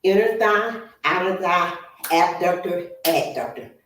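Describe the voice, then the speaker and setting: A woman's voice: on the low side, lively intonation, unhurried, fairly bright tone, a little hiss or hum. A woman leading an online workout class, counting reps aloud and coaching form in an encouraging way. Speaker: fitness instructor. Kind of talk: guided workout instruction. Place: home exercise room. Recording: echoey room, voice from far off.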